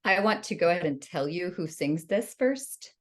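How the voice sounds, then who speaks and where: Female podcast co-host, low-pitched, chatty and giggly. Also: animated, normal speed, a bit bright. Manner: giggly, laughs often between remarks. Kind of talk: casual podcast chat.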